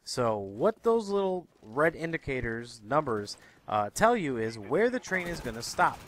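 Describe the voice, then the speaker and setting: A young man ranting through his everyday stories in a profane, exasperated, animated way, talking straight to his viewers. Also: medium pitch, unhurried. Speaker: commentary vlogger. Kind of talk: ranting storytelling monologue. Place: Chicago area.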